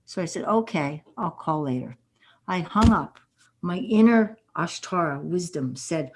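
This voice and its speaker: A woman's voice: fairly low pitch, expressive, a little slow, darkish tone. An older woman, a guest author on a podcast interview, telling earnest stories with quoted dialogue.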